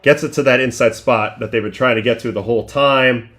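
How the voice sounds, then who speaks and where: A middle-aged man talks through baseball footage pitch by pitch in a relaxed, conversational way, pausing on fillers and restarting his sentences as he thinks aloud. His voice sits at an ordinary middle pitch. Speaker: livestream host breaking down game film. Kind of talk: casual pitch-by-pitch analysis.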